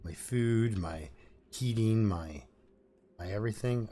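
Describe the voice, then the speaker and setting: Low-voiced man rambling over gameplay. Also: unhurried, pauses often, a little mellow, slight background noise. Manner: rambling, thinking aloud with fillers and restarts. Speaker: gameplay commentator. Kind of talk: casual let's-play commentary.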